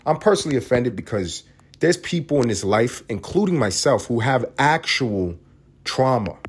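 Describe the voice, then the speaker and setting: A man's voice: medium pitch, big pitch swings, normal speed, breathy edge. A man hosting a solo podcast, ranting in a profane, heated and sarcastic way. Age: adult parent. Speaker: podcast host.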